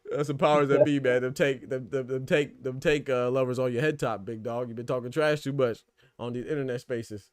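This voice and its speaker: A man's voice: medium pitch, steady tone, a little fast, darkish tone, smooth, dry recording, studio quality. A man hosting a casual boxing podcast livestream, talking loosely in slang and laughing often. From Florida.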